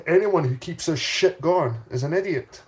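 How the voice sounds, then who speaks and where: A man's voice: fairly high pitch, moderate pace, a little hiss or hum. A man hosting a casual livestream, talking in a profane, rambling way and repeating his phrases. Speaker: channel host.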